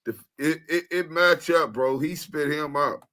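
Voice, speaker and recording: A man's voice: a little high, unhurried, sharp tone. A man co-hosting a livestream, joking and teasing in a laughing way. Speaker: co-host. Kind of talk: livestream banter.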